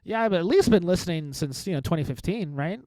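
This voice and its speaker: A man's voice: sits high, animated, a little fast, a little mellow, no echo. A man in his thirties hosting his own podcast, a stand-up comic talking in a rambling, self-mocking, profane way. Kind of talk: casual solo podcast monologue.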